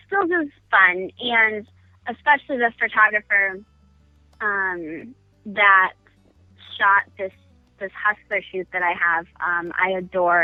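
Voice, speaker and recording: A woman's voice: medium pitch, dry recording, phone-quality sound. A woman guest chatting casually in a phone-in radio interview, self-deprecating and full of ums. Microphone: phone call.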